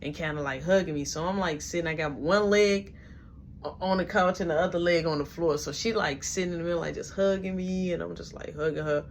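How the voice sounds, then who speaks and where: A woman's voice: lowish voice, a little fast, slight background noise. A young woman casually telling a story about her family, acting out everyone's lines as she goes. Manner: animated, acts out each character in quoted voices. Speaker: vlogger.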